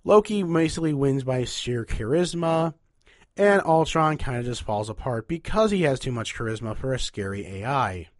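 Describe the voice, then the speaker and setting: A man's voice: medium pitch, lively intonation, normal speed, no room sound, clean studio sound. A young man with a nasal voice hosting a casual, rambling podcast where he ranks movies. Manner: chatty, rambling, upbeat. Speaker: podcast host.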